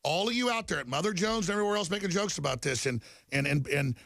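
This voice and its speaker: A man's voice: high-pitched, expressive, rapid-fire, gravelly, fairly bright tone, no echo. A middle-aged man hosting a talk show, delivering a heated, repetitive monologue to viewers while reading headlines.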